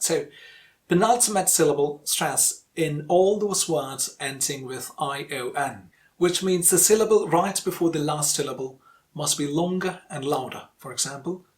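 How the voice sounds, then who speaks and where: A man with a slightly raised pitch runs an online pronunciation lesson. He says each example word slowly and repeats it several times so the learner can copy the stress. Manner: calls for likes and subscribes. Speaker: pronunciation teacher.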